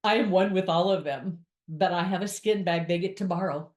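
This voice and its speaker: A woman's voice: fairly low pitch, normal speed, a little mellow. A woman giving an earnest, confessional spiritual monologue to her viewers, with candid asides. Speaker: spiritual speaker. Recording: roomy echo.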